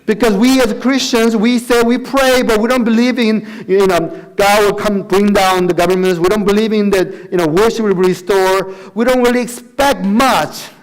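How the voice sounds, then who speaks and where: A man's voice: high-pitched, fairly even intonation, moderate pace, few pauses. A man giving a personal testimony as a missionary speaker in a church, telling his story with acted-out dialogue and frequent laughter. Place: church sanctuary.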